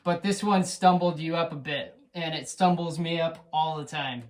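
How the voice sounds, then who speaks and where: A man giving a drum student feedback in a relaxed, encouraging way, with frequent ums and restarts. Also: on the high side, moderate pace. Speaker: drum teacher. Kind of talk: recorded feedback lesson. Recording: distant mic with faint noise.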